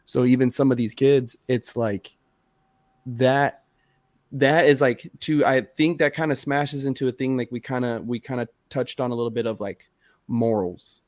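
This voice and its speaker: A man's voice: mid-range voice, steady tone, normal speed, darkish tone, no room sound, clean studio sound. A man co-hosting a podcast, talking in a rambling casual way with lots of fillers and swearing. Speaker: podcast co-host.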